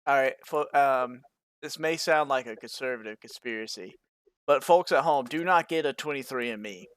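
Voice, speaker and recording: A man's voice: mid-range voice, normal speed, fairly bright tone, clear, resonant tone, no echo. A man co-hosting a podcast, rambling in casual chat and laughing often. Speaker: podcast co-host.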